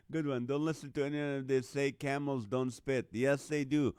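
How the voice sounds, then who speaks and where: A man's voice: medium pitch, steady tone, moderate pace, a little mellow, smooth, no room sound, studio quality. A man from the Middle East hosting a casual live online show, reading out viewer comments and guesses with frequent laughter. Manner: jokey, laughs often, chuckling while reading names and numbers.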